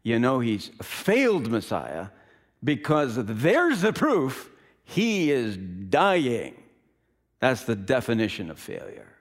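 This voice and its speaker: A male pastor preaching a sermon in a dramatic, emphatic way that swings between loud and quiet. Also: medium pitch, wildly swooping pitch, slow pace.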